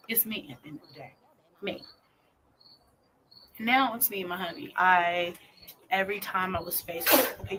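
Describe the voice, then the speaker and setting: A woman's voice: medium pitch, fairly bright tone. A woman in her twenties telling her story as a mother, blunt and profane, often dropping to a near-whisper. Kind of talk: candid personal storytelling. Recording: noisy clip played in a reaction video.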